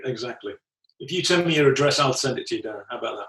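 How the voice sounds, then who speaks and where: An English man from England, a guest pastor and author, chatting in a relaxed, friendly way from his office over a video call. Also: mid-range voice, racing. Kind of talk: casual interview chat. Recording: echoey remote video call.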